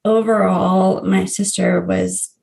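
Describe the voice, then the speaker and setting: A woman in her thirties tells a personal story as a podcast guest, speaking earnestly and warmly with small laughs. Her voice sits at a mid pitch and carries a noticeable vocal fry. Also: flat delivery, slow, slight background noise. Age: 30s. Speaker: guest, grief coach.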